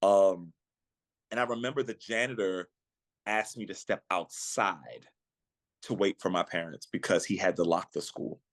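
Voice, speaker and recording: A man on a podcast, earnestly telling a personal story of faith in a reflective way, slowing down at the emotional moments. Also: low voice, steady tone, no echo. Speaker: guest, actor and singer.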